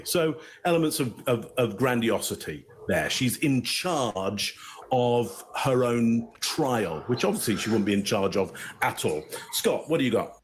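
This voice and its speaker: A man in his fifties giving measured, explanatory commentary as a body language analyst. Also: mid-range voice, sing-song, slight background noise. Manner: explanatory, measured, occasional chuckles.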